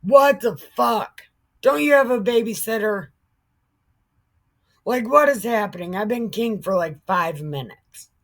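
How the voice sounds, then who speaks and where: A woman's voice: medium pitch, measured pace. A woman voicing an exasperated young male king who swears bluntly and talks in a crude, incredulous way.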